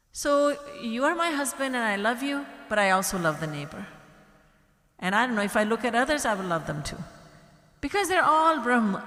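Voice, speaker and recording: A woman's voice: medium pitch, fairly bright tone. A woman gives a spiritual sermon in a large hall, with a long echo trailing after her words. She tells stories and acts out the voices of the people in them, sometimes with a light laugh. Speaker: spiritual teacher. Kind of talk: sermon storytelling. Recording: echoey hall.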